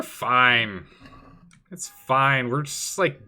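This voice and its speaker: A young man commentates casually on his game stream, laughing often and bubbling over with excitement. His voice is bright and lively in pitch. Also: normal speed. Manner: laughing, excitable, many fillers.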